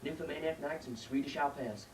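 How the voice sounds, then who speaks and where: A man's voice: a little high, fairly quick, background noise, close to an everyday voice. A teenage boy playing a posh, eager young gent. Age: teens. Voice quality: posh-sounding. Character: well-spoken, eager, naive young man Eddie. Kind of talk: stage play acting. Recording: echoey hall from far off.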